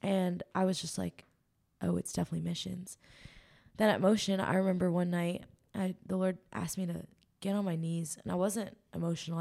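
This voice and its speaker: Her fairly low voice is warm, with a gravelly, creaky edge, as this woman shares her personal faith testimony on a podcast. The account comes out earnest and emotional, wandering along with plenty of ums and likes.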